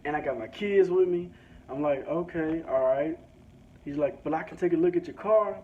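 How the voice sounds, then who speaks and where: A man's voice: fairly high pitch, normal speed. Profane ranting man, lo-fi audio. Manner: profane, animated, acts out both sides of conversations. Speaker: vlogger. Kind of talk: ranting storytelling. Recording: dull lo-fi sound with faint background hiss.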